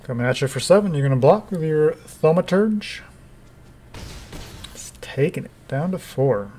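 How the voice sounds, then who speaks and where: A man's voice: fairly high pitch, lively intonation, moderate pace, darkish tone, slight background noise. Man giving dry, wry game commentary. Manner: dry, wry asides to the opponent. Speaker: gameplay commentator. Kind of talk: casual gameplay commentary.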